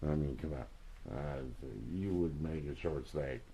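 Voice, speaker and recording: A man's voice: extremely low pitch, measured pace, a crowd in the background. A drunk man rambling crudely in casual chat on a livestream, swearing often.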